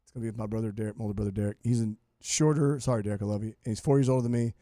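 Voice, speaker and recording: A man's voice: fairly low pitch, steady tone, very fast, dark tone, dry recording, clean studio sound. A man in his forties hosting a podcast, chatting casually and joking with interjections. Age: 40s. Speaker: podcast host.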